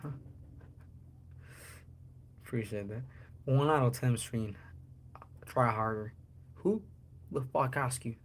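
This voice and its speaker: A man's voice: mid-range voice, takes it slowly, long pauses. A man talking loosely on a livestream, joking and cursing as he answers chat. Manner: loose and joking, curses a lot, chats with viewers.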